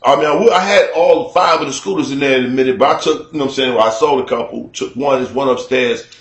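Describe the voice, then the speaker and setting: A man telling a story to his camera in a casual, animated, profane way, acting out shouts at a neighbor, recorded in a room at home. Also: medium pitch, quick pace, echoey room. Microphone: camera mic.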